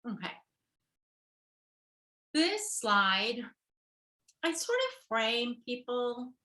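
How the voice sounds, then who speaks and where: A woman's voice: fairly high pitch, big pitch swings, very slow, pushed and bright, echoey room, rough recording. A middle-aged woman therapist giving a casual workshop talk. She chats along, laughs often and keeps checking in with "right?" and "okay".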